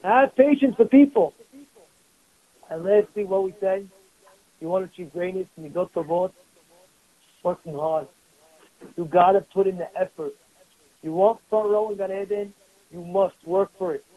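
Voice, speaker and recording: With a voice that sits high, a male rabbi speaks at normal speed but leaves long pauses while giving his weekly Torah class sermon. The audio is narrow and tinny, and he repeats himself emphatically, throwing rhetorical questions at his students.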